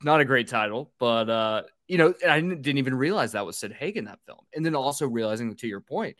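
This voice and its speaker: A male podcast host in a loose, conversational interview, with a middle-pitched voice recorded close and dry, with no room sound. He spins anecdotes animatedly, curses casually, and laughs through his own stories. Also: fairly quick, no echo. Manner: animated storyteller, swears and laughs freely.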